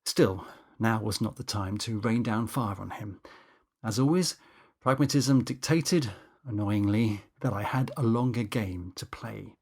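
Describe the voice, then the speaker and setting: A man's voice: on the low side, unhurried, husky. A man narrating a comic audiobook in the first person, wry and exasperated, with swearing asides.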